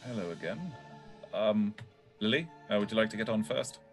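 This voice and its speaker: A man's voice: lowish voice, steady tone, fairly quick, soft background music. A man playing his character in a tabletop game, speaking politely and hesitantly with many fillers. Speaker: player. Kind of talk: in-character tabletop role-play.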